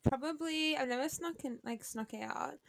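A woman's voice: sits high, moderate pace, vocal fry, a crowd in the background. A woman, co-hosting a casual podcast with wry quips. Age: 20s. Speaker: podcast co-host. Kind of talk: casual chat.

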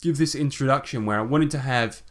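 A man's voice: medium pitch, brisk. Chatty man with fillers. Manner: chatty, laughs often, many fillers. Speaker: game master and podcast co-host. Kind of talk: casual podcast chat.

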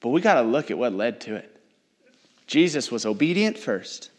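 A young man preaching a sermon, reading scripture and then talking in an animated, teasing way, acting out people he quotes. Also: medium pitch, moderate pace. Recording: long hall reverb.

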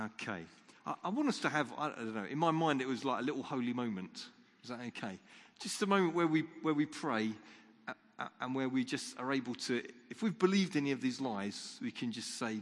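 A man's voice: mid-range voice, lively intonation, brisk. Guy preaching in church, earnest, keeps restarting his words, big echoey hall. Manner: earnest, repeats words when starting sentences. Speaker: pastor. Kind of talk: sermon. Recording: long church hall reverb.

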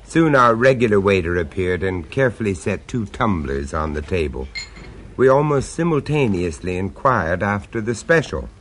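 A man's voice: lowish voice, big pitch swings, moderate pace, a bit bright, slight background noise. A man narrating and acting in a radio drama, mild and polite, a little hesitant in dialogue.

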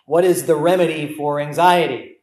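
A man's voice: a little high, moderate pace, darkish tone, reverberant, rough recording. A young adult man preaching a sermon as a guest preacher, asking the congregation rhetorical questions and repeating key words for emphasis. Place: church.

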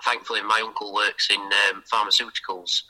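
A young man, a football fan guest, chatting casually in a halting, self-correcting way. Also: on the low side, little pitch movement, sharp tone, rough recording. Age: young adult. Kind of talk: casual chat.

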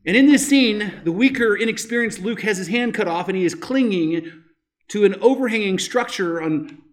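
A man's voice: high-pitched, moderate pace. A male pastor preaching a sermon in a conversational way, often checking in with rhetorical questions.

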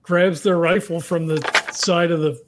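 A man's voice: a little high, flat delivery, unhurried, background noise. A man playing a tabletop role-playing game, talking casually and in a rambling way. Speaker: player.

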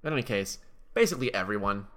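Bright-voiced man discussing games casually. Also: lowish voice, animated. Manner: reads from an article, pauses and restarts while thinking. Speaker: podcast co-host. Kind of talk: casual chat.

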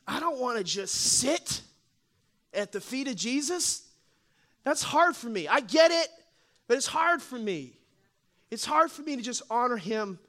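A man preaching a sermon as pastor, telling stories with playful asides and acting out the lines of the people in them. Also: high voice. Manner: animated storytelling, acts out quotes, playful asides.

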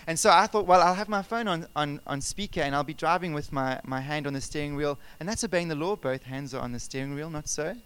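A man preaching a sermon as pastor, animated and conversational, asking his congregation questions and telling personal stories. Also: a little high, quick pace, few pauses, clear, resonant tone. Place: church service.

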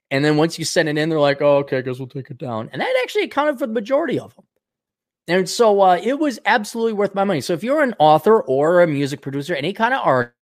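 A man's voice: a little high, no room sound, clean studio sound. A man hosting his own talk show, ranting sarcastically and profanely, rambling with frequent restarts. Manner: sarcastic, profane, mocking voices. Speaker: podcast host.

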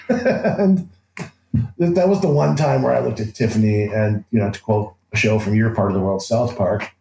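Animated man in a roomy echo. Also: lowish voice, unhurried, gravelly, a little hiss or hum. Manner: animated, laughs often, acts out quotes with restarts. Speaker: interview guest. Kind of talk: casual anecdotal storytelling.

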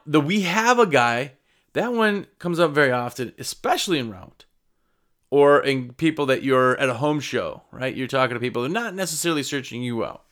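Lively-voiced man giving sales tips. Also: a little high. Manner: conversational, acts out customer exchanges. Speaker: window cleaning business owner. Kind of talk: casual sales advice talk to camera.

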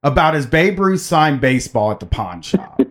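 A man co-hosting a call-in show, talking in rambling, profane, animated banter. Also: a little high, normal speed. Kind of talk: crude casual banter.

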